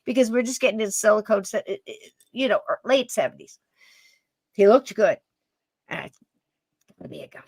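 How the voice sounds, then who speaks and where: A woman hosting a podcast, telling a story in a lively way and laughing as she goes. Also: medium pitch, quick pace, no echo. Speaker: podcast host. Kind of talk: animated storytelling.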